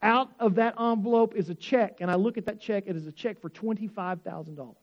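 High-voiced storytelling pastor. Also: male voice, fast talker, dull audio. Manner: animated, rising to excited shouts in the story. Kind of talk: storytelling sermon.

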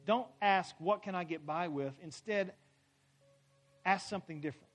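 A man preaching a sermon as a pastor, building emphatically to loud climaxes and having the congregation repeat phrases. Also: high-pitched, moderate pace. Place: church sanctuary.

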